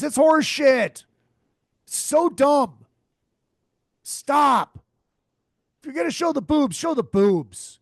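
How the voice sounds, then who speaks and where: A man's voice: extremely high pitch, expressive, very slow, pauses often, no echo, clean studio sound. A man hosting a podcast, ranting in a crude, profane and exasperated way, repeating himself often. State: tired and hungover. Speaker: podcast host. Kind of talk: crude comedic rant.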